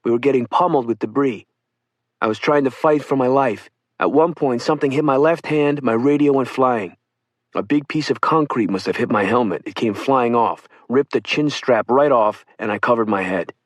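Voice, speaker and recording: Man, mid pitch, dry studio sound, steady audiobook reading. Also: fairly quick, no echo. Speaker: audiobook reader. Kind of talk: first-person audiobook narration.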